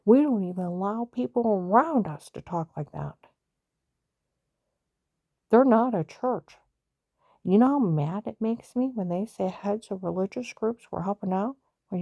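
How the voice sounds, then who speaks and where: A woman's voice: mid-range voice, mellow, dry recording, highs cut off. A woman on a personal vlog, ranting in an agitated, emphatic way, repeating herself and rambling from point to point. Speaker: vlogger.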